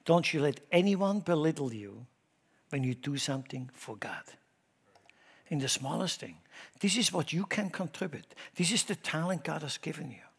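Brief: middle-aged male pastor, fairly high voice, sermon delivery with loud punches and soft asides. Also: expressive, normal speed, husky. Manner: emphatic, swinging between loud exhortation and hushed asides. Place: church in the American Midwest.

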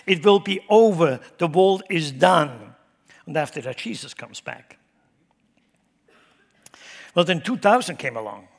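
A man preaching a sermon who speaks emphatically, swinging his loudness up and down and asking his congregation rhetorical questions. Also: on the high side. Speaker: pastor. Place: church sanctuary. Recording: long hall reverb.

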